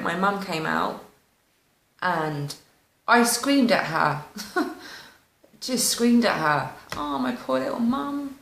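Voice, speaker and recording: A woman's voice: mid-range voice, bright, forceful tone. A woman telling her own story in a raw, candid and emotional way, swearing freely. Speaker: spiritual vlogger. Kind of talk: personal confessional storytelling. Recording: roomy echo.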